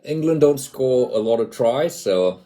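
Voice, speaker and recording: A man from New Zealand previewing rugby matches in casual commentary, talking in a halting way with many fillers, as if thinking aloud. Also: medium pitch, expressive, warm tone.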